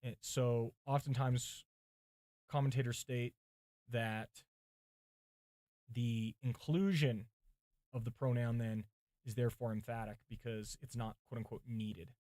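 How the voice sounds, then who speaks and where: A man's voice: mid-range voice, steady tone, unhurried, long pauses, a little mellow, dry recording, clean studio sound. Male pastor thinking aloud over commentaries. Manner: thinking aloud, chatting with viewers between readings. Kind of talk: livestream sermon prep, reading commentaries aloud. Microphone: mic set far from him.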